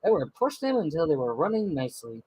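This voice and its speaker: A man reading a children's storybook aloud, expressive and lively with small slips. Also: fairly high pitch, fast, breathy edge, no room sound, low-quality recording. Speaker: storybook narrator.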